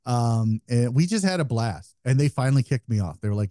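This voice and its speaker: A man co-hosting a casual podcast chat, telling stories in a swearing, animated way. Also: mid-range voice, fairly quick, few pauses, no room sound, clean studio sound. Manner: profane, animated storytelling. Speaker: podcast co-host.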